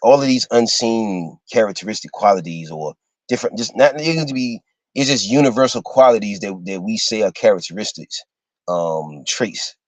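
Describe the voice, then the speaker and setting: A man giving an informal lecture to his listeners, halting and full of fillers, spelling out terms letter by letter. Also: fairly low pitch, no echo, rough recording. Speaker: host teaching a class.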